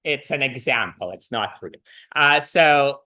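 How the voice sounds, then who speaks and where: A man's voice: mid-range voice, measured pace. A man lecturing a university programming class, talking loosely with many "uh"s and restarts. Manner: relaxed, many fillers and restarts. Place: lecture hall.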